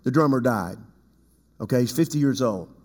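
A man preaching a sermon as pastor. He swings from loud, high passages to quiet low asides and calls on people in the congregation by name. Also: lively intonation, normal speed. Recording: long hall reverb.

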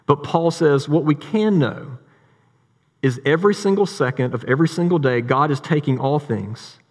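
A man preaching a sermon as a pastor, talking in a conversational way and telling stories with lively, repeated words. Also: a little high, moderate pace. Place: church sanctuary. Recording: long hall reverb.

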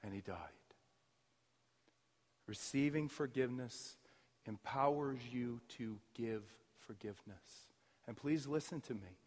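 A man preaching a sermon as pastor, his emphasis surging loud and then dropping to near quiet. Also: mid-range voice, unhurried, long pauses. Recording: reverberant hall.

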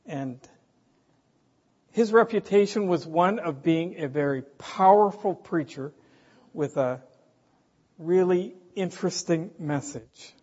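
A man preaching a sermon in a slow, emphatic way, asking the congregation rhetorical questions. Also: high-pitched, lively intonation, darkish tone, breathy edge. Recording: dull, hall reverb, from a distance.

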